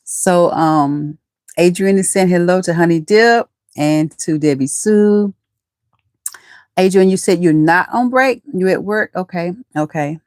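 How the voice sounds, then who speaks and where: A woman's voice: lowish voice, measured pace, a little mellow, no room sound, clean studio sound. A middle-aged woman hosting a casual livestream from her home computer, chatting in a folksy way and greeting viewers by name. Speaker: livestream host.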